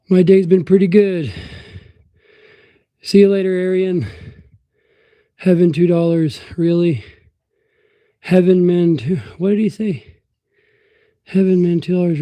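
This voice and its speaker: A man's voice: on the high side, mellow. A man streaming live, casually answering his viewers' chat in easygoing banter while working out. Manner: easygoing, laid-back banter. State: working out between comments. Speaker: livestreamer.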